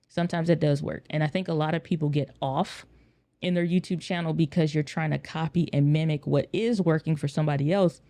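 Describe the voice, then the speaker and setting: This man hosts a casual podcast on his own, speaking earnestly and conversationally and repeating phrases to drive points home. His voice is a little high, creaky, and mellow.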